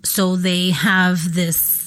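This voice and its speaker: A woman's voice: lowish voice, level tone, very slow, a bit bright. A woman co-hosting a podcast, telling a personal story in an earnest, conversational way and acting out what others said. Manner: earnest, storytelling, acts out quoted voices. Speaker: podcast co-host. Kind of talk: casual chat. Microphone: podcast microphone.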